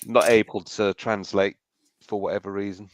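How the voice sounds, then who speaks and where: A man's voice: fairly low pitch, steady tone, moderate pace, background noise. A man from South Wales hosting a casual live-stream chat, rambling and searching aloud for a word he can't recall. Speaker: host.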